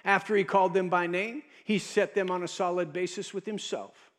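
A man's voice: high voice, steady tone, normal speed. A male pastor preaching a sermon, emphatic and repeating words for stress.

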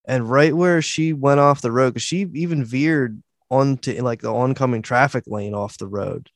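A man's voice: mid-range voice, moderate pace, no room sound, studio quality. A man hosting a podcast, telling a story casually and quoting what people said. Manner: casual, many fillers and restarts, quotes voices. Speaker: podcast host.

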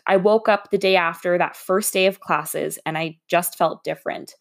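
A young adult woman who works as a recruiter, hosting her own podcast in a candid, chatty monologue with self-deprecating humor. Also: lowish voice.

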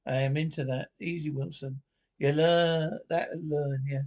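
An actor playing a coarse, cheeky Scottish pensioner in a TV sitcom, with gruff, sweary banter. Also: male voice, a little high, fairly even intonation, measured pace, a little mellow, rough recording. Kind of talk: TV sitcom acting.

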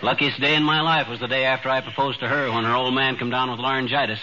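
An actor playing a brash, boastful wisecracking husband in 1940s radio comedy acting. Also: male voice, medium pitch, fairly even intonation, fast talker, sharp tone, lo-fi sound, close to an everyday voice. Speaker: comic lead, husband. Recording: hissy old radio recording.

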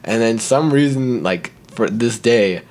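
A young man, a podcast guest, telling a school story in a casual, animated way, acting out the people in it and laughing often. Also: medium pitch, unhurried. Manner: animated, acts out quotes, laughs often, says "like" and "right?".

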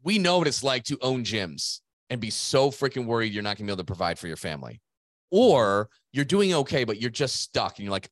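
A middle-aged man coaching gym owners on a podcast, pushing his points hard with a motivational drive and the odd casual curse. His voice sits at an ordinary middle pitch. The recording is close and dry, with no room sound. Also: big pitch swings, brisk, dry recording. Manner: emphatic, motivational, swears casually. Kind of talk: casual business podcast talk.

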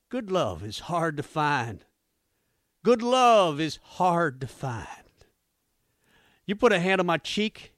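A man's voice: sits high, no room sound, studio quality, full character voice. A man putting on a drawling country crooner. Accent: put-on American country. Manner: drawling, over-the-top recital. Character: man crooning rock lyrics as a country singer.

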